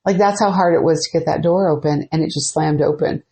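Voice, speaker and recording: Podcast host, female, lower register; easygoing storyteller who performs the dialogue. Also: brisk. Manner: animated, acts out quoted dialogue. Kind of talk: casual storytelling.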